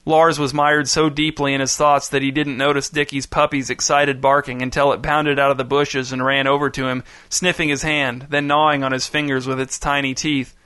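A man reading a story aloud in steady, even scripted narration. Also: mid-range voice, normal speed, hardly any pauses, clear, resonant tone, no echo.

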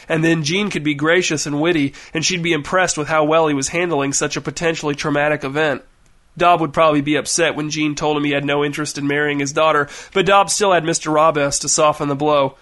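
A man narrating an audiobook, his voice sitting a little higher than most men's. He tells the story in an even, wry way.

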